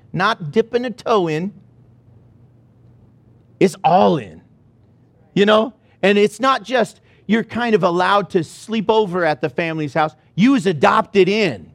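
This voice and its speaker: A male pastor preaching a sermon, telling a story with animated, rising excitement. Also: high-pitched, unhurried, creaky, no room sound.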